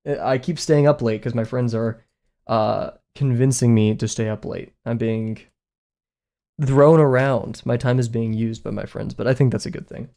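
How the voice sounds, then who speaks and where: A man's voice: medium pitch, steady tone, normal speed, vocal fry, mellow. A young man chatting casually to his viewers while drawing on a live stream, rambling and poking fun at himself. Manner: rambling and self-mocking, talks to chat. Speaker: art streamer.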